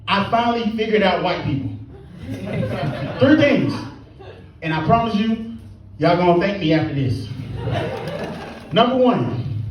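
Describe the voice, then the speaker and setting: A man doing a stand-up comedy set in a small comedy club, telling stories with animated energy and acting out the people in them. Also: sits high, background noise. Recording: echoey club from far off, crowd. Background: audience laughing.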